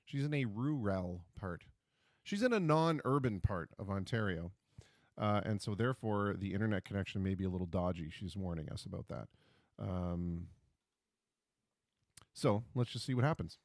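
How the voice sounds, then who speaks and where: A man's voice: fairly low pitch, expressive, normal speed, no room sound, clean studio sound. A man hosting a casual livestream, talking at his computer with jokey, self-deprecating asides and puns. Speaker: livestream host.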